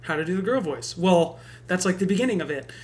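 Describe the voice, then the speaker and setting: A man's voice: sits high, expressive, fast. A man casually explaining a voice technique in a tutorial, with an offhand, dry joking manner.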